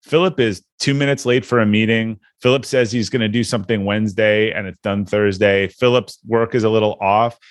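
Low-voiced man hosting, dry sound. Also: steady tone, brisk, few pauses, dry recording. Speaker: podcast host. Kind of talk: casual interview chat.

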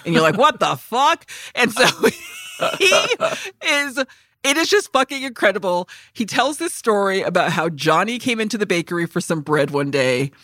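A woman co-hosting a podcast, chatting casually about a film and loudly acting out its lines with lots of swearing. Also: medium pitch, moderate pace, dry recording, studio quality. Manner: animated, swearing, acts out film lines in loud voices. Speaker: podcast co-host. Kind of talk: casual movie chat.

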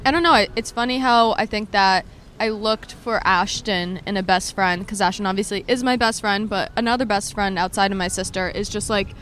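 A young woman in her twenties hosts a casual podcast chat. She talks quickly and anxiously, packing her sentences with "like" and restarts, and her voice sits in an ordinary middle register. A faint hiss of noise runs underneath. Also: fairly bright tone. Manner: quick, high-strung talker full of fillers. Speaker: podcast host.

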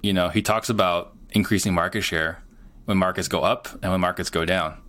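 A man's voice: deep voice, steady tone, fairly quick, a bit bright. A middle-aged man, a guest on an interview show, talking earnestly and plainly with lots of "you know". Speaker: guest, real estate entrepreneur. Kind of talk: casual interview talk.

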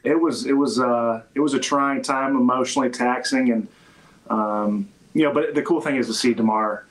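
Male athlete, mid-pitch, halting and reflective in an interview. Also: fairly even intonation, rough recording. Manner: halting, many restarts and fillers. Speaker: football player. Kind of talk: interview conversation.

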